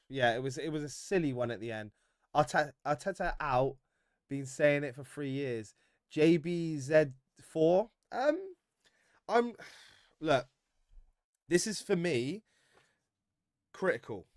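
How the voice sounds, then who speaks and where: A man hosting a casual football fan livestream, reading viewer comments with animated banter and frequent laughs. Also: fairly high pitch, no echo, clean studio sound.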